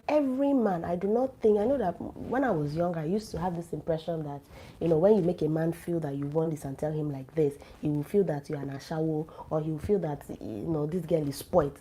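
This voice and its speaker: Sick with a flu and coughing, a woman talks straight to camera with frank, teasing relationship advice, bluntly lecturing her listeners. Her voice is fairly low and dark, on poor audio with a little hiss or hum.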